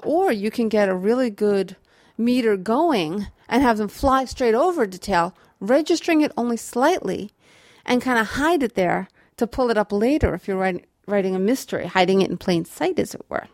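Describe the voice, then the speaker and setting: A woman's voice: fairly high pitch, lively intonation, normal speed, a little mellow, no room sound, clean studio sound. A woman teaching writing, explaining patiently with small restarts and tapping out rhythms as she goes. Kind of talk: explanatory lecture on prose rhythm.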